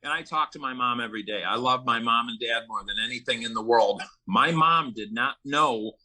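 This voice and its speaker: A man's voice: mid-range voice, brisk, pushed and bright, low-quality recording. A middle-aged man, a guest in an interview, speaking earnestly about recovery and telling personal stories with bursts of emphasis. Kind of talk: conversational interview.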